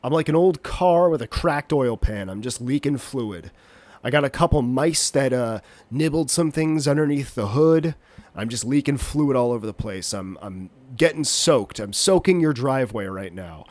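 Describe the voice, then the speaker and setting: A man's voice: mid-range voice, animated, normal speed, darkish tone, no room sound. A man hosting a solo podcast while getting over a cold, congested and nasally, rambling and joking at his own expense. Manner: rambling, jokey, self-deprecating. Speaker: podcast host.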